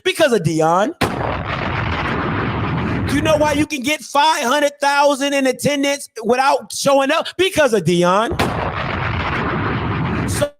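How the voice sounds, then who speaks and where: A man's voice: very high voice, animated, slow, pauses often, noisy background. A man hosting a podcast, giving an emphatic, opinionated rant in casual slang and firing off repeated rhetorical questions. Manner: casual slangy delivery with restarts. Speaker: podcast host.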